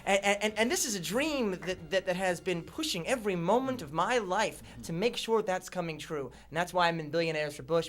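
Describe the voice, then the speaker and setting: A man guest doing satirical in-character comedy with a grandiose, preacher-like delivery. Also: on the high side.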